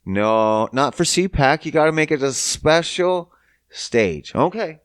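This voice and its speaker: A podcast host, a man, rants with heavy profanity and biting sarcasm. He talks at an unhurried pace, and his pitch leaps from mock-innocent highs down to low grumbles. The sound is dry and close. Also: lively intonation, no echo. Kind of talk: casual podcast chat.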